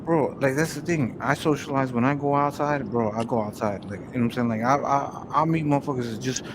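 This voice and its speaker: A man of ordinary pitch holds forth in a loose, unscripted chat. He swears freely and circles through his stories with filler phrases and restarts. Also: a little fast, noisy background. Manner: profane, rambling storyteller with constant "you know what I'm saying". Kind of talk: casual chat.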